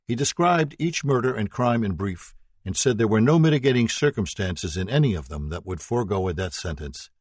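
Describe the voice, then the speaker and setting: A man narrating a true-crime audiobook in a steady, sober reading voice. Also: on the low side, a little fast, husky, no echo.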